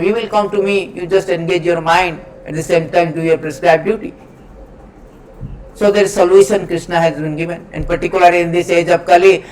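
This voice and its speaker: A man's voice: sits high, fairly even intonation, fairly quick, darkish tone, slight background noise, rough recording. A man giving a scripture lecture, emphatic and repetitive, chanting Sanskrit verses in between. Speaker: preacher.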